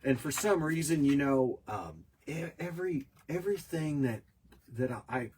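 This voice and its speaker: A man's voice: medium pitch, expressive, moderate pace, a little mellow, slight background noise. A man in his fifties talking casually on a podcast, telling rambling, reflective stories. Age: 50s. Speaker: podcast host. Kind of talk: casual conversation.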